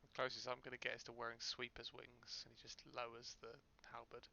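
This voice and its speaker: A man with a gravelly, tense, sharp voice makes dry-humored remarks as a player at a tabletop game. His mic sounds dull and lo-fi. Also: medium pitch, monotone, quick pace. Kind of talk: casual tabletop game chat.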